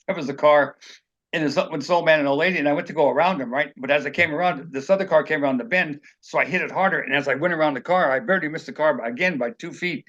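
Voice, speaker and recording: A man's voice: on the high side, fairly bright tone, lo-fi sound. A man being interviewed as an author, telling personal stories in a rambling, earnest way and acting out what people said. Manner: rambling, earnest, acts out quotes.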